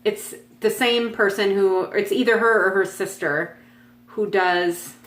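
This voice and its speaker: A woman's voice: a little slow, roomy sound. A woman chatting casually in a home vlog, rambling with lots of ums and restarts as she shows her stitching projects. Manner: pitches up sharply when calling her dogs. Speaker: cross-stitch vlogger. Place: at home, dogs nearby.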